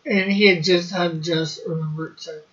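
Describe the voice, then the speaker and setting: A man from Canada chatting as a co-host, his voice high and bright. He answers briefly and agreeably, and his audio sounds dull and lo-fi. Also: fairly even intonation, normal speed. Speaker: comic artist, co-host. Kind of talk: casual chat.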